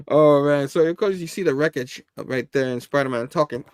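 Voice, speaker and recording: Guy hosting a comic review, kinda high voice, loose and laughy, dry mic. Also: animated, moderate pace, darkish tone, no echo. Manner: laughs often, loose, acts out dialogue. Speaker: show host, comic reviewer. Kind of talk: casual comic review chat.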